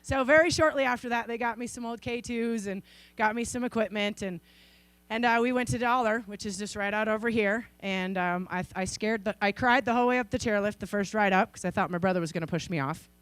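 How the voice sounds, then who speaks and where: Woman, 40s, from Idaho, animated storyteller, dry close sound. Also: mid-range voice, fairly quick, no echo. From Idaho, USA. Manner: lively, acts out the voices of people in her stories. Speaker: keynote speaker. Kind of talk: storytelling speech. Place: conference stage.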